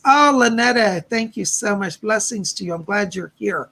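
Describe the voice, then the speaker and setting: On his livestream, a psychic medium gives live readings in response to chat, his male voice sitting high at a moderate pace. Hoarse and gravelly as his voice gives out, he remains gentle and comforting, passing on messages with a recurring "she said."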